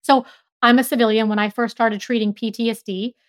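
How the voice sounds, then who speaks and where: A middle-aged woman neuropsychologist explaining ideas in an animated, emphatic way with everyday examples. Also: a little high, a little fast, no echo, clean studio sound. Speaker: neuropsychologist guest. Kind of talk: explanatory interview talk.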